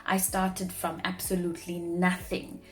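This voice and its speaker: A woman's voice: on the low side, flat delivery, measured pace. A young woman speaking earnestly to camera in a personal vlog, sharing heartfelt reflections. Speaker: vlogger; marketing professional.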